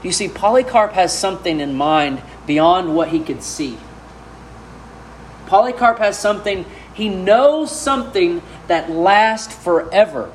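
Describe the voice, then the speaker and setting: Slow, emphatic preacher man. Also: high voice, lively intonation, slight background noise. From Arkansas. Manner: emphatic preaching with rhetorical questions. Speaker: pastor. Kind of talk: sermon.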